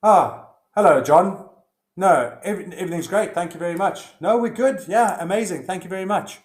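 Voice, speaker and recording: A man's voice: high-pitched, moderate pace, roomy sound, voice pushed up, close to an everyday voice. A man doing an angry husband's cheery phone voice. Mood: falsely cheerful. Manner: overly bright and polite.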